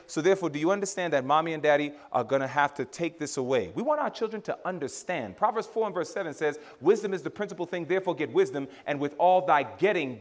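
A male preacher giving a sermon to a congregation, acting out family dialogue and calling his listeners brothers and sisters. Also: high voice. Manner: animated, laughing, acts out dialogue with his children; addresses audience as brothers and sisters.

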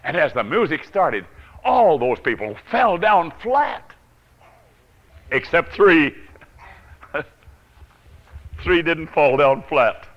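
A male preacher telling a Bible story in a dramatic sermon, swinging from loud to hushed and chuckling often. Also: on the high side, sing-song, slow, pauses often, muffled recording.

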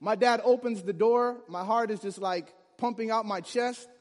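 A man from Chicago telling a humorous personal story to an audience, lively and acting out the people in it. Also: sits high, normal speed. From Chicago, USA. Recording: reverberant hall.

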